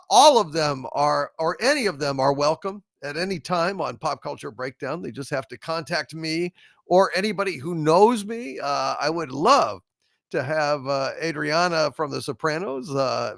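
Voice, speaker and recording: A man's voice: a little high, gravelly, a bit bright, no room sound, studio quality. A man hosting a casual livestream, reading out viewer super chats and reacting in a blunt, profane, joking way. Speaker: host.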